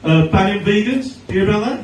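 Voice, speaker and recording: Middle-aged Australian comic with a high voice, deadpan delivery, taped far off in a very echoey, noisy room. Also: male voice, fairly quick. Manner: chatty storytelling with deadpan punchlines. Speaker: stand-up comedian. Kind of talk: stand-up comedy set. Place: comedy venue stage with audience laughter.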